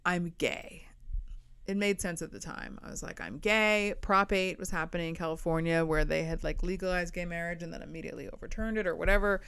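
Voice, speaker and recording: A woman's voice: lowish voice, steady tone, a little fast, a bit bright, smooth. A woman in her forties, a comedian hosting her own podcast, telling a rambling, candid, self-mocking story and laughing often. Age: 40s. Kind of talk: casual storytelling monologue.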